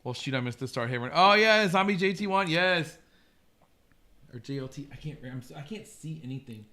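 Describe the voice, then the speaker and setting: A man's voice: a little high, animated, fairly quick, sharp tone. A man hosting a casual live stream, chatting eagerly and reacting to viewer comments. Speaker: host.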